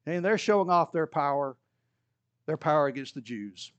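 A man's voice: animated, normal speed, a bit bright, clear, resonant tone, no echo, muffled recording. A man preaching a sermon, retelling scripture as a story and acting out the voices of the people in it. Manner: storytelling preacher, acts out quoted voices with rising pitch. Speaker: pastor.

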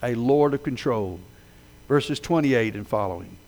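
Animated, dramatic male preacher. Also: unhurried. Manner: dramatic storytelling delivery, swelling loud then dropping low. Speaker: pastor. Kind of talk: sermon.

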